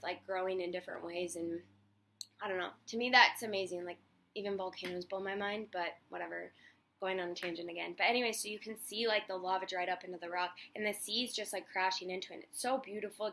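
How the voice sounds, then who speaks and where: A woman's voice: mid-range voice, a bit bright. Young woman, casual walking vlog outdoors, chatty and filler-heavy, mid-range voice. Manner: chatty, heavy use of "like", acts out quoted people. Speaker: vlogger.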